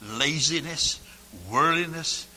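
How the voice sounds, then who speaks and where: Folksy older preacher with a twang. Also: male voice, a little high, slow pace, a little hiss or hum. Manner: folksy storytelling, swinging from hushed asides to shouting. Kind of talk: sermon. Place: church sanctuary. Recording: long hall reverb.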